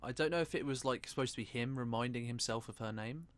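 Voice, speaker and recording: A man co-hosting a podcast, talking about a film in a relaxed, hesitant way. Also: medium pitch, quick pace. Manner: relaxed, hesitant, says "like" often. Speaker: podcast co-host. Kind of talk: casual film discussion.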